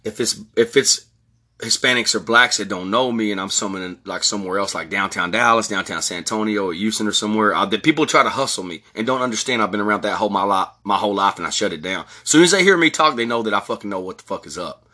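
A man's voice: fairly low pitch, fast, sharp tone. A man, telling stories in a blunt, profane podcast monologue. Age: 40s. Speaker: podcast host. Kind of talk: heated monologue.

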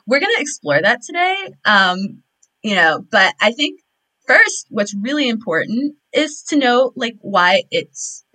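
A woman's voice: fairly high pitch, big pitch swings, a little slow, pushed and bright, rough recording. A young American woman co-hosting a podcast, talking casually with plenty of fillers. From United States. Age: young adult. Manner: chatty, lots of fillers. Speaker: podcast co-host. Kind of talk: casual chat.

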